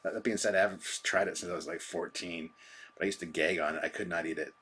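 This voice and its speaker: A man's voice: low voice, steady tone, fast, fairly bright tone, slight background noise. A man hosting a live stream, chatting casually and rambling through viewer comments with a self-deprecating manner.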